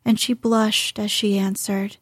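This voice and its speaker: A woman reads a classic novel aloud, calm and even. She takes a slow pace, and her voice is soft and a little breathy. The recording is dry and close. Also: mid-range voice, dry recording. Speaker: audiobook narrator. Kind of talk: scripted narration of a classic novel.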